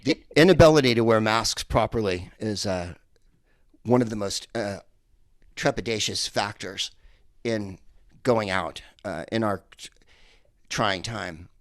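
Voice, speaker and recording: A man with a lowish voice works through a stand-up comedy set, meandering and full of filler sounds. The sound is dry and close, with no room around it. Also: a little slow, pauses often, no echo. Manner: rambling, hesitant delivery with many fillers.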